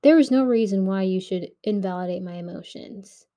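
A woman's voice: mid-range voice, a little fast, mellow. A young woman hosting her own podcast, rambling candidly in an agitated, heated way about her week. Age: young adult. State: agitated and shaken. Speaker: podcast host. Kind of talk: casual rambling monologue.

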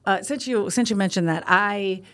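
Medium in pitch and normal in speed, this older woman's voice carries her animated, wandering stories on a casual podcast she co-hosts. She frequently starts over mid-thought.

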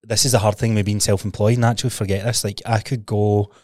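A Scottish man with a fairly low voice speaks in a relaxed podcast conversation. He reassures his co-host and reflects thoughtfully. The recording is dry and close. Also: quick pace, dry recording. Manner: reassuring, reflective advice-giving.

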